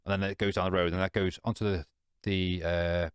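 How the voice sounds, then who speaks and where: A man's voice: sits low, little pitch movement, a little fast, clean tone, dry recording, clean studio sound. A man with informal British slang telling a candid personal story in a podcast chat, blunt and swearing, rambling with fillers and often asking "you know what I mean". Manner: rambling and restarting with many fillers. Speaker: podcast guest.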